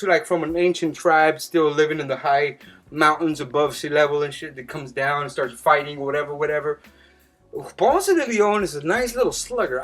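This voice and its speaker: A young man giving casual boxing predictions, rambling and swearing a lot, his voice jumping up when he gets worked up. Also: a little high. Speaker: boxing commentator making fight predictions. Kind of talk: casual profane monologue.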